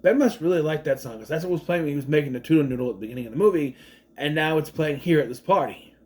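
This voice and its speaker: A man's voice: fairly high pitch, very fast, darkish tone. A man in his thirties, a father, casually recapping a movie in a chatty, rambling way, acting out the characters' lines. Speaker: movie reviewer.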